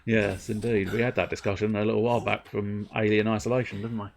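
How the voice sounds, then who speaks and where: Fast and gravelly, this lowish male voice keeps a level tone. A young man streams a video game, tossing out casual commentary, rambling to viewers in amusement at himself and singing the occasional joke line over faint game music.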